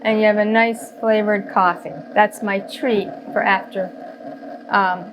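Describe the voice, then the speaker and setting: A woman's voice: mid-range voice, fairly even intonation, measured pace, noisy background. A woman hosting a casual home cooking demonstration, chatting and explaining each step as she works. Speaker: cooking channel host.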